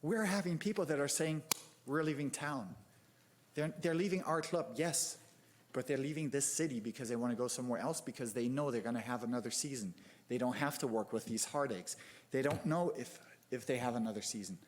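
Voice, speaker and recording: Frustrated guy venting at a city meeting podium, fed up, tripping over his words, mid-pitched voice. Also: animated, fairly quick. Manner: angry, exasperated, stumbling over words. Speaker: youth soccer club member speaking at public comment. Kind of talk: impassioned public comment. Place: city commission meeting chamber.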